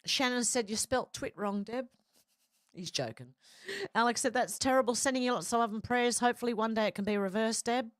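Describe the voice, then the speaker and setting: A woman's voice: a little high, a little fast, no echo, studio quality. A woman hosting a casual livestream, reading out viewer comments and rambling between them with many fillers and restarts. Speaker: livestream host reading chat.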